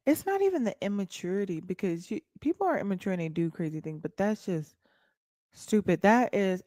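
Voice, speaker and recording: A woman's voice: medium pitch, expressive, a little fast, dark tone, dry recording, studio quality. A woman, livestreaming and chatting bluntly and mockingly to her viewers. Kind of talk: casual livestream chat.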